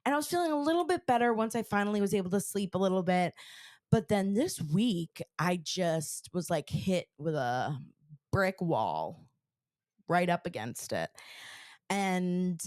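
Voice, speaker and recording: A woman co-hosting a podcast, talking in a bubbly, rambling way with plenty of fillers. She is getting over an illness, and her pitch swings widely as she chats. The recording is close and dry. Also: very animated, measured pace, a little mellow, no echo. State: sick, recovering. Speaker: podcast co-host. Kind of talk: casual chat. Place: Connecticut.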